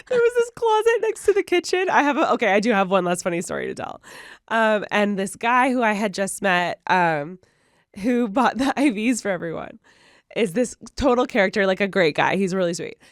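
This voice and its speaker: A woman's voice: medium pitch, big pitch swings, normal speed, no room sound, studio quality. A young woman co-hosting a podcast, telling a story in casual chat and laughing often as she acts out what people said. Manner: giggly storyteller, acts out quoted lines. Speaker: podcast co-host.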